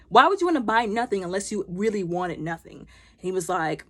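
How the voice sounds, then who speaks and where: A young woman recapping a TV episode in a casual vlog, retelling scenes with lots of "he was like" and quick voice shifts for each character. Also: medium pitch, big pitch swings. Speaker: show recapper.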